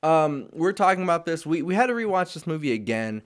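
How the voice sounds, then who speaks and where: A man's voice: on the high side, very animated, a little fast. A man co-hosting a casual movie review, laid-back and swearing, acting out characters' lines. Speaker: podcast co-host.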